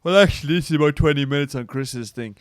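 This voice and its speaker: A man's voice: a little high, quick pace, no echo, studio quality. A man hosting a casual call chat, rambling through his ideas and laughing at them. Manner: rambling, many fillers, laughs at own ideas. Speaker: podcast host.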